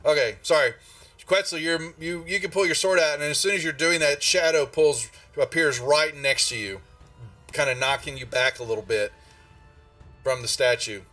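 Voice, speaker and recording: A man narrating as game master in a tabletop game, speaking in a halting way with many restarts. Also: on the high side, pushed and bright, recorded from a distance, soft background music.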